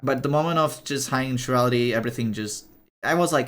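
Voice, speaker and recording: A young man streaming live, telling a personal story in a rambling, emotional, halting way full of restarts and fillers. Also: mid-range voice, fairly bright tone. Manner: emotional and confiding.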